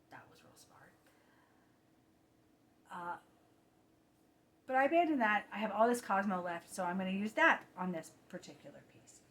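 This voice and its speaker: A woman's voice: medium pitch, a little hiss or hum. A woman, chatting casually about her cross-stitch projects late at night, sounding tired and often correcting herself. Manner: chatty, self-correcting, drops to soft asides. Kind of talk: casual chat. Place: home at night.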